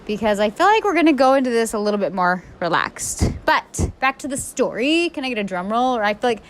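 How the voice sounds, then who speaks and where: A woman's voice: on the high side, fairly quick. Chatty woman telling a story. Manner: chatty and animated, peppered with "like". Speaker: podcast co-host. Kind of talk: casual storytelling chat.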